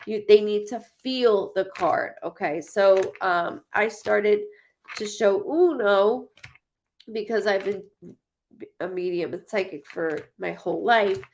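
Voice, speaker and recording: A woman's voice: medium pitch, slow pace, slight background noise. A woman psychic chatting casually on a live stream, blunt and repetitive, swearing now and then. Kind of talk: casual live-stream chat reading viewer comments.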